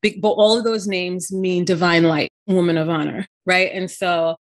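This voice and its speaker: A woman's voice: on the low side, steady tone, normal speed. A middle-aged woman telling a personal story in casual conversation, full of "you know" and "right?" asides. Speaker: podcast co-host.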